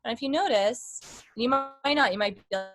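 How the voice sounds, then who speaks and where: Chatty high-voiced woman teacher. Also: moderate pace, music in the background. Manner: chatty, shifts voice placement to demonstrate. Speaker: singing teacher. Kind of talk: casual voice lesson chat.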